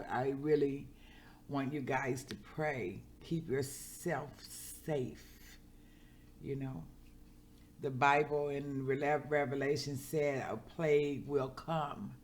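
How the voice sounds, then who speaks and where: A woman's voice: extremely low pitch, slight background noise. A woman chatting casually to her viewers in an eating vlog, heartfelt and preacherly when she prays. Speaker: vlogger.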